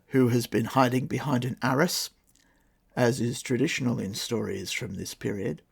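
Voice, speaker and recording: Male podcast host, gravelly, dry and sarcastic while retelling a folktale. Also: medium pitch. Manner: wry, sarcastic asides. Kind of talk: casual storytelling with commentary.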